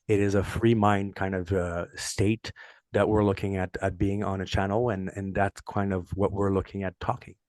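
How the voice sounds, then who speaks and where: A middle-aged man with a French accent, a native French speaker, chatting casually as podcast co-host, halting and restarting often. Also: sits low, level tone, darkish tone, dry recording, studio quality. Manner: rambling, halting with many restarts. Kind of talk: casual chat.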